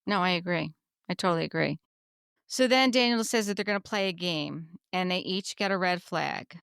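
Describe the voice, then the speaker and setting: A woman co-hosts a casual podcast, recapping scenes in a chatty, emphatic way. Her voice is smooth and clear at a mid pitch. The sound is close and dry. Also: moderate pace, fairly bright tone, no echo. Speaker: podcast co-host recapping a reality show. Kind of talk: casual chat.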